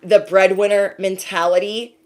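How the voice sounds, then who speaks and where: Woman, intuitive reader, casual spiritual reading, emphatic, repeats herself, swears casually, middle pitch. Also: fairly even intonation, moderate pace, darkish tone.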